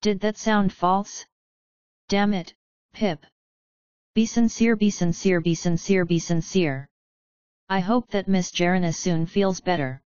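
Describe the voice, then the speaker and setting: A woman's voice: fairly low pitch, measured pace, long pauses, a little mellow, no room sound, close to an everyday voice. A woman voicing a polite, awkward young male wizard officer, stiffly courteous and anxious. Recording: slightly dull, dry studio sound.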